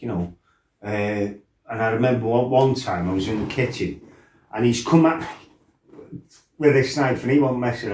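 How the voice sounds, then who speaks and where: A middle-aged man tells rough stories from his life in a blunt, sweary, animated way. His voice sits at an ordinary pitch for a man. The room rings noticeably, and he sounds a little way off the mic. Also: a little hiss or hum. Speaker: former fighter telling his life story. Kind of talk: casual storytelling interview. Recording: roomy, mic set some distance off.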